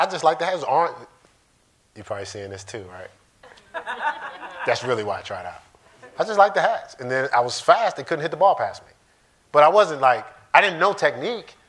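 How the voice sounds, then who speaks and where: Man, pastor, casual sermon, animated, fairly high voice. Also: moderate pace, pauses often. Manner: animated, joking, talks straight to the congregation. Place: church sanctuary.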